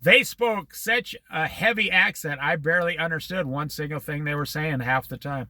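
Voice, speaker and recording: A man's voice: fairly high pitch, pushed and bright, no echo. A middle-aged man in casual talk, rambling from story to story with religious asides. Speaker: vlogger.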